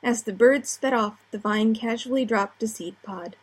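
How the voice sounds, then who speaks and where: A woman's voice: a little high, moderate pace, slightly rough. A woman narrating a short story with a light, wry touch. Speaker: story reader.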